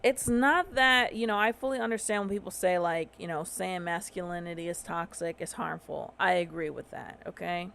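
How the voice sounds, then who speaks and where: A woman's voice: fairly low pitch, normal speed, creaky, few pauses, a bit bright. A tired woman with a Southern US accent hosting opinionated casual commentary, swearing and firing off rhetorical questions. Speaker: host.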